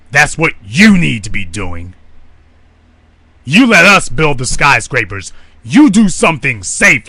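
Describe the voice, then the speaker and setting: A man's voice: fairly high pitch, pushed and bright, dry recording, full character voice. A man voicing a condescending male oppressor who scolds and talks down in a mocking tone.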